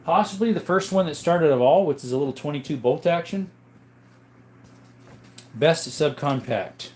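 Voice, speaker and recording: A man's voice: fairly high pitch, normal speed, darkish tone. Upbeat young man hosting a live chat. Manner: chatty, greets viewers by name, upbeat. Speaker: livestream host reading chat.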